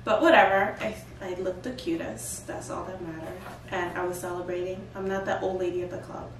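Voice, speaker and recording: Woman host recounting a trip with lively, playful delivery; echoey room, distant mic. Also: fairly low pitch, brisk, slight background noise. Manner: animated, playful storytelling with bursts of laughter. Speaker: vlog host. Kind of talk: casual chat.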